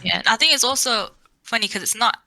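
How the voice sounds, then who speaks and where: A woman guest on a casual podcast chat, explaining her points in a measured way. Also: a little high, sharp tone.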